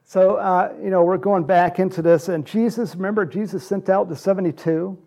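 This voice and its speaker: A middle-aged man from the United States giving a loose, conversational sermon. His voice is gravelly and dark, sitting a touch high for a man. He rambles through anecdotes with restarts and chuckles. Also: fairly even intonation, a little fast. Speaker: preacher.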